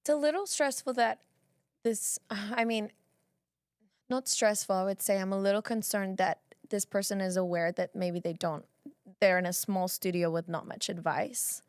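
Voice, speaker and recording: A woman's voice: mid-range voice, darkish tone, dry recording. Playful woman co-host, dry close sound. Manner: playful, jokey, quick to react. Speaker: podcast co-host. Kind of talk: casual chat.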